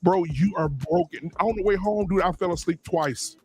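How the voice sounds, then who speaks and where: Brief: high-pitched man, loud and profane, casual coach-talk on a panel podcast. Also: normal speed, husky.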